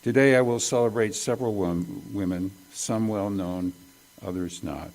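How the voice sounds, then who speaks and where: Male pastor, low voice, folksy conversational sermon, pokes fun at his own mistakes. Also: normal speed, a little mellow. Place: church service.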